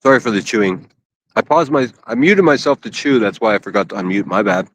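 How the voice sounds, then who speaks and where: A man's voice: on the low side, animated, a little fast, fairly bright tone. A man from Pittsburgh chatting casually and a bit crudely on a phone livestream from an outdoor city park. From Pittsburgh, USA. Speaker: IRL livestreamer.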